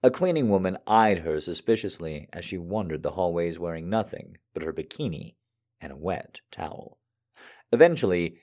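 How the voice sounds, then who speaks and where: A man with a very deep voice reads a story aloud to listeners. His delivery is calm and measured, with soft pauses between phrases. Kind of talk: reading a romantic story aloud to an audience.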